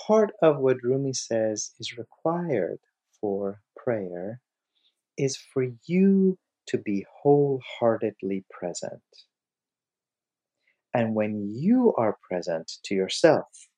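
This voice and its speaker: A middle-aged man speaks slowly and reflectively, as if teaching around a fire. His pitch moves a lot, and his voice is dark and gravelly. He tells stories and acts out the lines of the people in them. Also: big pitch swings. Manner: slow, storytelling, voices quotes with rising pitch. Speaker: host, scholar of Sufism.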